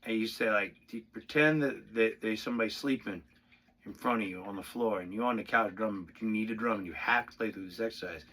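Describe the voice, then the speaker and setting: A man giving a casual drumming lesson, talking through a soft-playing exercise with sudden loud, excited bursts between quieter asides. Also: fairly low pitch, brisk, slightly rough. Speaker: drum instructor.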